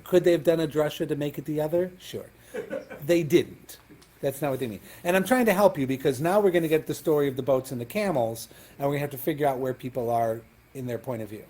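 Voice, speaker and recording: A man's voice: fairly high pitch, fast talker, darkish tone. A man, a rabbi, lecturing a Talmud class, explaining texts step by step, reading Hebrew and Aramaic terms and checking in with "right?".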